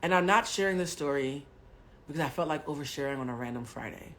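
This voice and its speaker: A woman in her forties from Haiti, a spiritual coach telling a personal story on a livestream in a blunt, profane way, swinging from loud bursts to hushed asides. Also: deep voice, expressive, fast talker, slight background noise. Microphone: webcam or phone mic on a home livestream.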